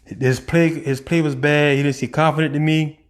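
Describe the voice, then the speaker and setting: A man giving an opinionated, animated sports rant as a vlogger, shifting between rapid bursts and drawn-out emphasis. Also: on the high side.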